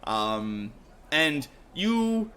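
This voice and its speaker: A man's voice: fairly high pitch, drawn-out words, slight background noise. A man running a tabletop game as game master, narrating with lots of fillers and laughter. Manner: animated, laughing, filler-heavy.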